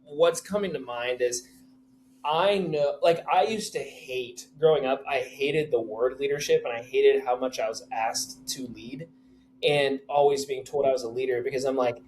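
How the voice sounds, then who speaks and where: A man co-hosting a podcast who tells excited, rambling anecdotes in a casual chat. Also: mid-range voice, normal speed, slight background noise. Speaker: podcast co-host.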